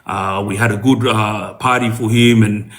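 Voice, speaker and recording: With a fairly even, somewhat low voice at normal speed and a fairly bright tone, a male podcast guest earnestly recounts a personal story. He talks casually to younger listeners, hesitating and restarting many times.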